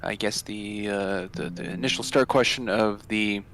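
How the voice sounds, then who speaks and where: A man's voice: lowish voice, steady tone, normal speed, fairly bright tone, slight background noise. A man co-hosting a podcast, explaining how he rates films in a rambling way, often searching for words. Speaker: podcast co-host. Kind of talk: casual podcast chat.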